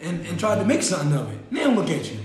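A man in casual chat, animated and repeating his points. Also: high-pitched, fast talker, very echoey.

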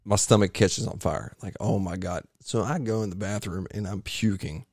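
A man telling a long story on a podcast in a casual, animated way, acting out other people's voices. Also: fairly low pitch, normal speed, no room sound, clean studio sound. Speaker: podcast guest.

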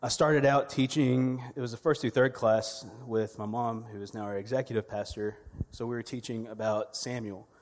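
A man's voice: medium pitch, fairly even intonation, normal speed, hardly any pauses, big-room sound. A man, delivering a sermon as a church media director, conversational and humorous with storytelling. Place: church sanctuary.

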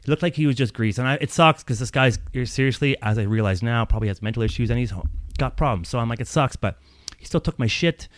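Fast-talking man telling a rambling story. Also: mid-range voice, no room sound. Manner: profane, rambling, animated, laughs while telling. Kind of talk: casual storytelling.

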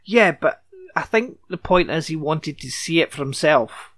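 A man's voice: fairly high pitch, animated, measured pace, fairly bright tone, dry recording. A man hosting a podcast, recapping a TV episode in casual chat with sarcastic asides and casual swearing.

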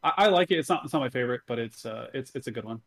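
A man's voice: medium pitch, animated, racing, a bit bright. Man explaining games in a podcast. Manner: explains at length, methodical and enthusiastic. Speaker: podcast co-host. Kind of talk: casual podcast chat about games.

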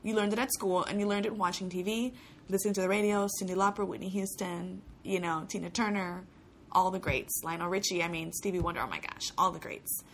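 A woman's voice: lowish voice, steady tone, brisk, a little hiss or hum. A young woman from Puerto Rico, a guest in a casual interview, telling stories chattily with frequent laughs and restarts. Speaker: guest, actor.

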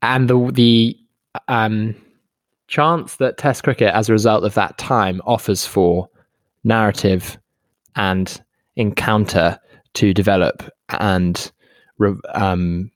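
A young man co-hosting a podcast from home, talking in a halting way with many restarts and easy laughter. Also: on the low side, steady tone, no room sound, studio quality. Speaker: podcast co-host. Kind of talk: casual chat. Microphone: home microphone.

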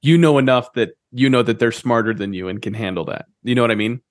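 A man speaking as a podcast guest, relaxed and plain-spoken about how he learns. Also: mid-range voice, fast, no room sound, clean studio sound. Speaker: business guest. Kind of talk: podcast interview.

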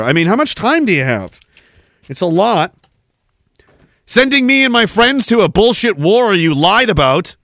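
Angry swearing podcast guy, sarcastic rant, high voice, dry mic. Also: very animated, a little slow, pauses often, fairly bright tone, dry recording. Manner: heated, sarcastic, swears often. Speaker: podcast host.

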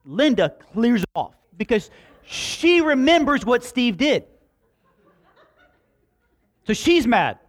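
A man's voice: very high-pitched, big pitch swings, measured pace, pauses often. A man preaching a sermon in a conversational way, with joking asides to the congregation. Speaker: pastor.

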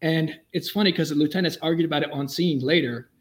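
Fast-talking man telling a police chase story. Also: fairly high pitch. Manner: fast, animated storytelling with voiced quotes. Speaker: police officer guest. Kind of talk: storytelling in a podcast interview.

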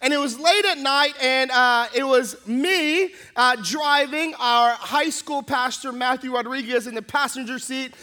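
Pastor, male, delivering a lively sermon story; voice sits unusually high. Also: unhurried, hardly any pauses. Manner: animated storytelling, acting out the scenes.

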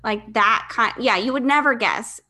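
A woman's voice: a little high, normal speed, pushed and bright. A woman in her thirties from Michigan, a podcast guest telling her life story candidly in casual, chatty talk with fillers and laughs. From Michigan, USA.

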